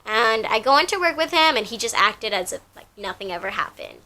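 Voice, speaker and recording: A woman's voice: fairly high pitch, animated, a little fast, pushed and bright. A young woman telling a rambling, casual story from her job, full of fillers and repeats.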